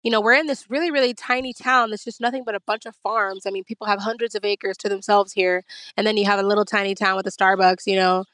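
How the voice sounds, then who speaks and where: A woman guest telling stories in a lively, casual way, laughing often, talking from a coffee shop over a remote call. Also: mid-range voice, fast, no echo. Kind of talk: casual storytelling chat. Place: coffee shop in a small town.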